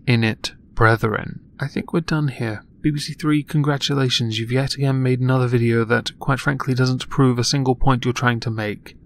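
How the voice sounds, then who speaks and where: A man's voice: mid-range voice, creaky, a bit bright, slight background noise. A man hosting a sarcastic reaction commentary, speaking in a dry, mock-polite way. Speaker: commentary channel host.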